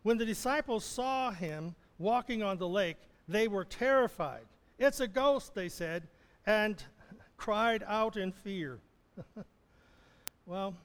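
A man with a notably high voice delivers a conversational sermon, chuckling and restarting his phrases as he goes. His voice rings out in a church sanctuary with long reverb. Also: takes it slowly, long pauses. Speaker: pastor.

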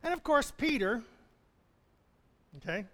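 A man with a notably high voice delivers a conversational sermon, chuckling and restarting his phrases as he goes. His voice rings out in a church sanctuary with long reverb. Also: lively intonation, takes it slowly, sharp tone. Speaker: pastor.

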